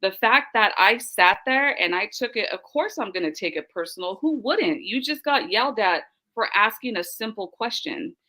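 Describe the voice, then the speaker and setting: A woman's voice: medium pitch, normal speed, hardly any pauses, low-quality recording. Young woman telling a story animatedly. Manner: animated storytelling, acting out quoted voices. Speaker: guest. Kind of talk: casual podcast chat.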